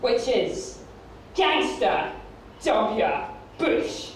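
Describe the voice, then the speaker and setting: A woman performance poet chats from the stage in a self-deprecating way, her voice high and unhurried. She is recorded from far off in a big echoey hall, with faint room noise behind. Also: sing-song. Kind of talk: live spoken-word stage intro. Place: large echoey live arts venue. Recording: very echoey hall, distant mic.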